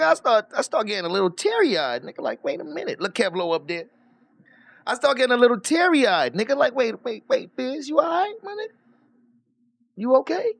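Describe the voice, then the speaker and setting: Gravelly, lively-voiced man mocking on stream. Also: very high voice, dry recording. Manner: animated, mocking, profane. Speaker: streamer host reacting to clips. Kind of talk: live-stream commentary.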